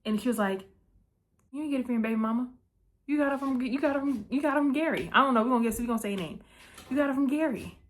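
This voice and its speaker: Chatty woman recapping a movie. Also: sits high. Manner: chatty storyteller, keeps checking in with "okay?"; breezy and playful, with asides and quick self-corrections. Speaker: vlog host. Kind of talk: casual chat movie recap.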